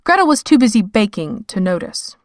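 A woman reading fiction aloud in a measured, wry storytelling manner. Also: mid-range voice, big pitch swings, a little mellow, no room sound, studio quality. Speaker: narrator. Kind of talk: scripted fiction narration.

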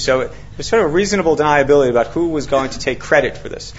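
Very fast and fairly high-pitched, a male author rattles through a long story for an audience, animated, acting out what people said, with many fillers and restarts. The dull lo-fi recording has a little hiss or hum.

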